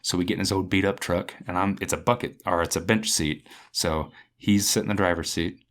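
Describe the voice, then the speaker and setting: A man's voice: deep voice, brisk. A man as a podcast guest, telling a story casually and acting out the people in it. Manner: animated, acts out the people in his stories.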